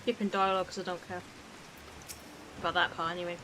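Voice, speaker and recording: A woman's voice: fairly low pitch, level tone, fast talker, background noise. A woman giving casual, sarcastic commentary as she plays through a game. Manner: chatty, sarcastic asides, sometimes swears. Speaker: streamer.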